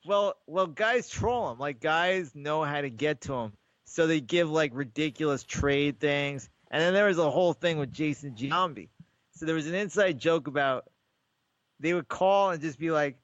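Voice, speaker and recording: Man, fairly high voice, dry dull sound, rambling casual podcast talk, does voices for callers. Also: moderate pace, fairly bright tone, no room sound. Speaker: podcast co-host. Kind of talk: casual sports chat.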